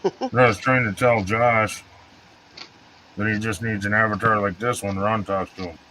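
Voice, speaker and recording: A man's voice: on the low side, fairly even intonation, normal speed, pushed and bright, slight background noise, low-quality recording. A man talking bluntly and swearing heavily in a streamed voice chat. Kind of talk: casual banter.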